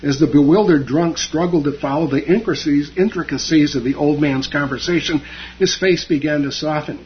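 A man giving a dharma talk, retelling a story with frequent fillers and pauses. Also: a little high, highs cut off, slight background noise. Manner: halting, many fillers.

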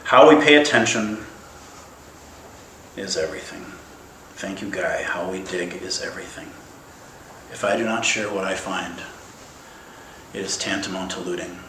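A man giving an animated, playful dharma talk as a Zen teacher, laughing often. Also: low voice, normal speed, pauses often, slight background noise. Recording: echoey room, mic at a distance.

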